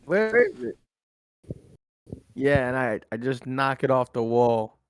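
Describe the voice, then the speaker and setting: A man playing a tabletop game in character, speaking in a slow drawl. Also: medium pitch, big pitch swings, clean tone. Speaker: player.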